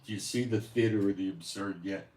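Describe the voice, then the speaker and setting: Male host, very low voice, loose chatty monologue to viewers, off-mic in a reverberant room. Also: a little fast, a little mellow. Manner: rambling, conversational, with many fillers and asides. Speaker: channel host. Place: at home in Israel. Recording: roomy echo, voice from a distance, faint background hiss.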